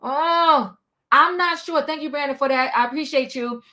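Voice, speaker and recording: A woman hosting a livestream, recapping a reality show in sassy, animated casual chat. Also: high-pitched, normal speed. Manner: animated, sassy, talks back to the people she recaps.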